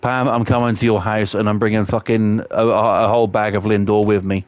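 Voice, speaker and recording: A man's voice: fairly low pitch, level tone, brisk, no room sound, highs cut off. A man live-streaming a game, ranting about football and reading chat with constant swearing. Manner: profane, ranting, heavy swearing.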